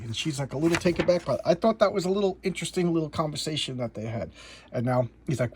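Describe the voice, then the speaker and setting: A man casually recapping and reviewing a comic book, rambling and halting with frequent restarts and chuckles. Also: a little high, breathy edge.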